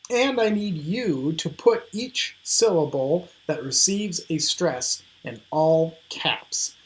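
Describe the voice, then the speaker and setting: A male high school English teacher from the United States giving a slow, deliberate classroom video lesson with frequent ums. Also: lively intonation.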